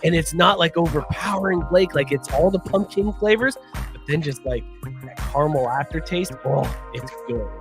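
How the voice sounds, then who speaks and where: A laid-back man hosting a casual sports podcast, rambling easily and laughing often. His voice sits a little high for a man. Music plays clearly in the background. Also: normal speed. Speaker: podcast host. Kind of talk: casual chat.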